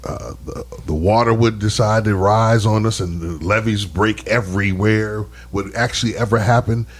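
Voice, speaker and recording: A man's voice: lowish voice, fairly even intonation, normal speed. A man co-hosting a casual podcast, explaining things earnestly in long, rambling runs. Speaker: podcast co-host.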